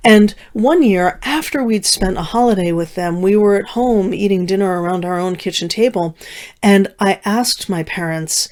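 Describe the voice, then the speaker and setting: A middle-aged woman storyteller telling a personal story, slowing down with dramatic pauses and dropping to soft, hushed asides. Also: mid-range voice. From United States. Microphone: video recording.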